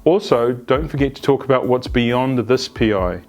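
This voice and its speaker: A man's voice: mid-range voice, normal speed, darkish tone, soft background music. A man gives an unscripted, conversational explanation as an agile coach, often restarting phrases and adding asides. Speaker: agile coach presenting a video series. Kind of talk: unscripted instructional talk.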